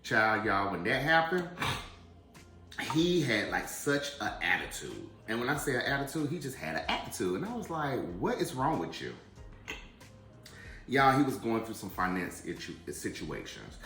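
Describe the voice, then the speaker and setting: A man's voice: mid-range voice, sing-song, normal speed, pushed and bright, echoey room, soft background music. A man telling a rambling personal story to viewers in a casual, chatty way while eating. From Atlanta area, USA. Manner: chatty, addresses viewers directly, digressive. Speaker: vlogger.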